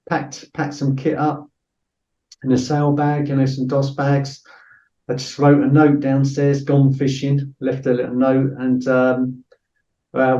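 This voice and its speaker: A man's voice: mid-range voice, mellow. A middle-aged man, a former soldier telling a story as a podcast guest, blunt and swearing freely, full of "you know" fillers. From Britain. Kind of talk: casual storytelling interview. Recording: roomy, distant, dull-sounding mic.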